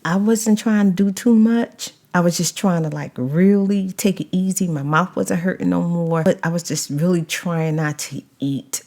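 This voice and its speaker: A woman vlogger and mother, telling a story in a casual, animated way and stretching words for emphasis. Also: lowish voice. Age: adult, mother of a child. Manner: animated retelling, drawn-out emphasis.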